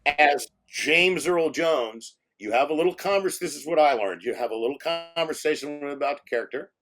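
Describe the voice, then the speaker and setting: A man's voice: on the high side, fairly quick, fairly bright tone. A man around sixty, a film director telling anecdotes in a casual interview, laughing often and swearing freely.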